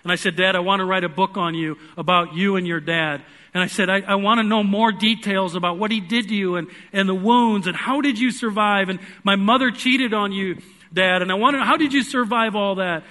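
Delivering an earnest church sermon, the preacher speaks in a high, bright voice at a fairly quick clip. His personal story swells into loud pleading before falling away into hushed, quiet moments.

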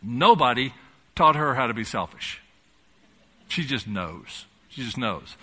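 An older man preaching a sermon as pastor, asking rhetorical questions and swinging between loud and soft. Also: medium pitch, very animated, measured pace, pauses often, husky.

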